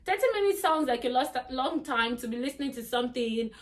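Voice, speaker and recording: A woman's voice: high voice, expressive, fairly quick. A young woman giving exam tips in a chatty vlog, with lots of "like" and "you know". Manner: chatty, repeats "like" and "you get me". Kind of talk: casual talk to camera.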